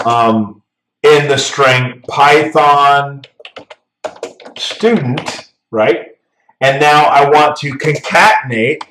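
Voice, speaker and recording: A man's voice: mid-range voice, fairly bright tone, recorded from a distance, a little hiss or hum. A man teaching a programming class as a casual walkthrough, talking through each step and often checking in with "right?". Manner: casual, talks through steps, tags "right?". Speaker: programming instructor. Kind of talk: screen-recorded coding lesson. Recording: roomy echo, voice off-mic.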